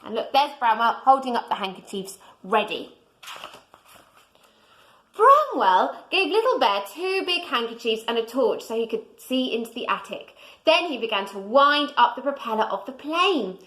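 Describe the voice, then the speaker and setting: A woman reading a children's storybook aloud in a gentle way, pointing out the pictures to young listeners. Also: a little high, big pitch swings, moderate pace, low-quality recording.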